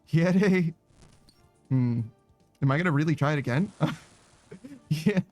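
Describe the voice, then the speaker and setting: A man's voice: a little high, unhurried, darkish tone, dry recording, faint music behind. A man chatting casually while streaming a game, rambling, swearing and laughing at himself. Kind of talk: casual chat while gaming.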